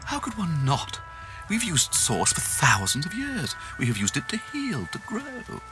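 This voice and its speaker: A man's voice: fairly high pitch, wildly swooping pitch, unhurried, music in the background. An actor voicing a pensive lizard-man scholar in a game, musing aloud in a philosophical way. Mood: thoughtful. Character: pensive old lizard scholar, lost in thought.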